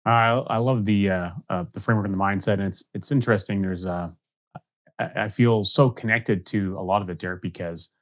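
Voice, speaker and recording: Low-voiced co-host, halting and stammering. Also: male voice, steady tone. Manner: halting, stammers and repeats words. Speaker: podcast co-host. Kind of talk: podcast interview talk.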